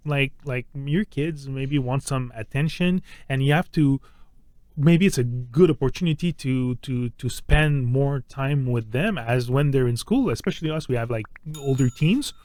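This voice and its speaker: A man's voice: mid-range voice, measured pace, darkish tone, no echo. Man, middle-aged, hesitant, restarts a lot, dry close mic. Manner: hesitant, many fillers and restarts, laughs easily. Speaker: co-host. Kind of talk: casual health chat.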